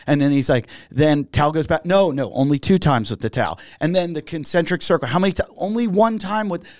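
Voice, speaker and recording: A man's voice: fairly high pitch, a little fast, no echo, studio quality. A man telling a funny story in casual chat, laughing as he goes and acting out what others said. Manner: animated, laughs while telling, acts out others' lines. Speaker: storyteller on a talk show.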